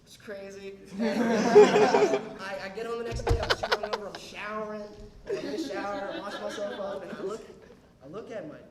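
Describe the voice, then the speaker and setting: Young man, stand-up comic, high voice, animated, distant roomy club sound, crowd laughing. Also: a little fast. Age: young adult. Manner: animated, acts out quotes of others. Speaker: stand-up comedian. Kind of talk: stand-up storytelling. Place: comedy club stage. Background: audience laughing.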